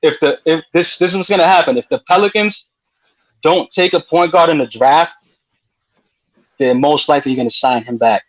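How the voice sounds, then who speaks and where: A man's voice: a little high, moderate pace, long pauses, no echo, muffled recording. A man co-hosting a casual sports podcast, defensive and talking over the others. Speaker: co-host.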